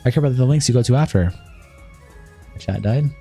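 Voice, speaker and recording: A man streaming live, reading out both sides of a long text-message argument in a flat reading voice. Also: mid-range voice, fairly quick, breathy edge, soft background music.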